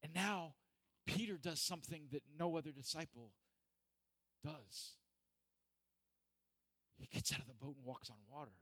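A man's voice: fairly high pitch, normal speed, long pauses, bright, forceful tone, no room sound. A man preaching a sermon, earnest and repetitive, building to emphatic peaks.

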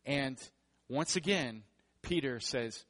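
A man's voice: mid-range voice, animated, slow, fairly bright tone. A man preaching a sermon in a joking, conversational way. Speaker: pastor.

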